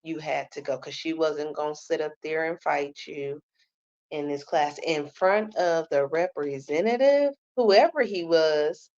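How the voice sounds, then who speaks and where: Slightly slow and a little mellow, a woman's low voice delivers casual, blunt reality TV commentary, tacking "okay?" onto her points with plenty of sass. The recording's high frequencies are cut off.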